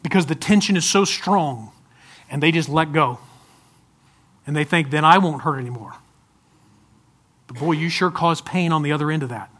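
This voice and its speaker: A man preaching a sermon to a congregation, swinging from loud urging to soft, pleading asides. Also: a little high, moderate pace, pauses often. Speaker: pastor.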